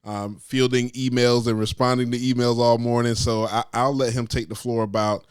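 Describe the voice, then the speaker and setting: A man's voice: medium pitch, level tone, normal speed, clean tone, no room sound, clean studio sound. A man hosting a podcast, easygoing and leading the talk with questions. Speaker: podcast host. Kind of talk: casual podcast chat.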